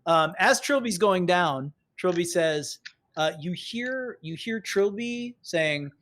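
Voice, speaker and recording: Chatty, higher-voiced male game master. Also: slow. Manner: rambling, filler-heavy, animated. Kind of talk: narrating a tabletop game.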